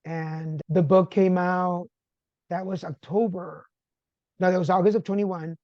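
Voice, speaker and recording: A man from Texas, a podcast guest, telling a personal story in a relaxed conversational way and acting out the voices of people he quotes. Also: high-pitched, measured pace, dry recording, muffled recording. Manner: animated, acts out quoted dialogue.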